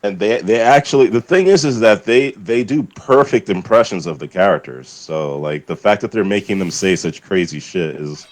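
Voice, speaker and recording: A deep-voiced man from the US chatting on a live stream. He rambles with lots of fillers and swearing, laughing between thoughts. His delivery is loose and unscripted. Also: normal speed, hardly any pauses. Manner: rambling, profane, laughing often, many fillers. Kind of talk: casual chat.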